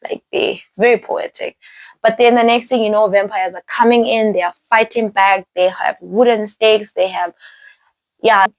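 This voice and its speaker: A woman hosting a casual spoiler recap of a film, talking in an animated, rambling way, with laughs and restarts. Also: medium pitch, moderate pace, no room sound, low-quality recording. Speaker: movie reviewer host.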